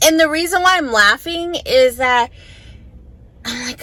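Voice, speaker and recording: A woman's voice: a little high, expressive, moderate pace, sharp tone. A middle-aged woman vlogging in a casual, chatty way, laughing between thoughts. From United States. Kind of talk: casual vlog chat. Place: pharmacy store.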